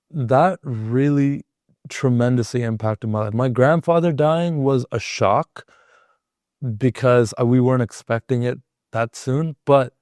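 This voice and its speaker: A man hosting a podcast tells a personal story in a loose, chatty way, with a lot of filler words. His mid-pitched voice has a gravelly, fry-laden edge. The sound is close and dry. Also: a little mellow, no echo. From Canada. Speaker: podcast host. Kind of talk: casual conversational storytelling.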